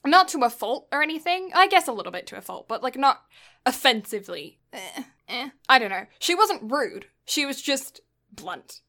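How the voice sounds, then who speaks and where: A woman's voice: high voice, big pitch swings, normal speed, sharp tone. A young woman from Britain telling a long story in casual chat, rambling with lots of fillers and getting exasperated.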